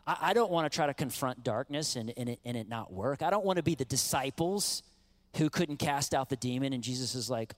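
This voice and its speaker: Preaching as a pastor, a middle-aged man speaks fairly quickly in a mid-range voice. His sermon is lively and conversational, with quotes acted out and the congregation called upon.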